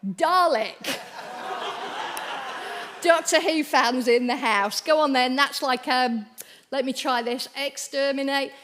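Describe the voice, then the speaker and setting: A woman with a high voice leads an all-age talk in church, taking her time over each phrase. She is playful and encouraging and keeps turning to speak straight to the children. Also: takes it slowly, long pauses, fairly bright tone, a little hiss or hum. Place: church hall.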